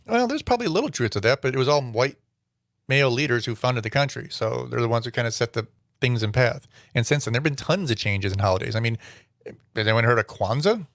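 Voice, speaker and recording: A man hosting a commentary vlog, reading passages aloud and then picking them apart with sarcastic, disbelieving remarks. His voice sits at an ordinary middle pitch, and the recording is dry and close, with no room sound. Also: a little fast, fairly bright tone, no room sound. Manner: sarcastic, incredulous asides between read-out quotes. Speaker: show host.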